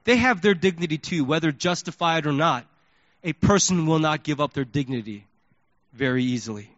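A pastor preaching, his voice high and bright and animated as he tells a story. The sound is dry and a little dull, a lo-fi sermon recording. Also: moderate pace, no echo. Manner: animated storytelling, acts out his own thoughts.

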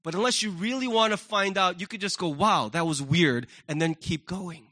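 A man preaching a sermon as pastor, animated and acting out the voices he quotes. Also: sits high, brisk. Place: church sanctuary.

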